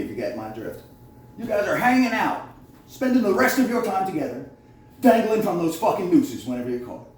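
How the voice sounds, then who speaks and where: This man's voice sits a little high and sounds mellow as he launches a heated, profane, accusatory monologue at the camera. It was captured on a phone in a very echoey room, with him far from the mic and faint noise behind.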